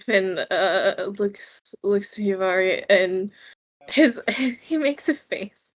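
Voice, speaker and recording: A woman, a player in a tabletop game, narrating her character's actions in a halting way with fillers. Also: medium pitch, lively intonation. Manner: halting, with many fillers and laughs.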